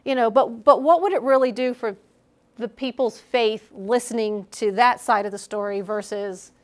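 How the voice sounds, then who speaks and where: A middle-aged woman preaches to a young adults group in a candid, conversational way. She slips into little acted-out versions of her own inner voice as she talks. Her voice sits a bit high for a woman. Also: normal speed. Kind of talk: sermon.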